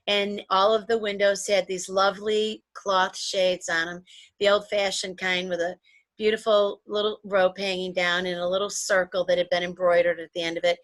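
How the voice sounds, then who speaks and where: A woman co-host spins long, animated stories from her childhood, circling back and restarting as she goes. Her voice is bright and forceful at a middling pitch, recorded dry and close with no room around it. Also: dry recording. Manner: rambling, animated reminiscing with restarts. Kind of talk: casual storytelling chat.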